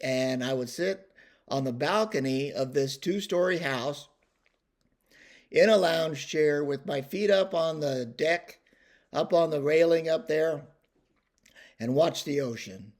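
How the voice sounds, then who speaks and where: A man's voice: a little high, slow pace, long pauses. Rambling, folksy man telling a story. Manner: rambling and folksy, with many fillers and restarts. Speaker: storyteller host. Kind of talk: casual storytelling vlog.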